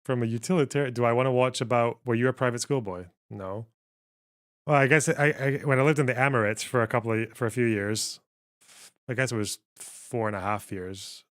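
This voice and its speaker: A man's voice: medium pitch, fairly even intonation, brisk. Blunt, swearing male livestream host. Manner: profane, blunt, laughs often. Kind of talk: casual livestream commentary.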